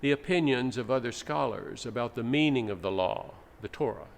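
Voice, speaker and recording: This male preacher talks fairly quickly and with animation, his medium pitch roughened by vocal fry. He explains scripture in a teacherly manner, adding dramatic readings, inside a church sanctuary whose echo and faint noise fill the recording.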